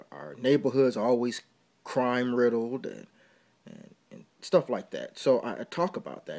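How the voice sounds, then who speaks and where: A man's voice: medium pitch, vocal fry. A man hosting a talk radio show, delivering an impassioned, preachy monologue from a small indoor room. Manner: impassioned and preachy, building to loud emphatic outbursts.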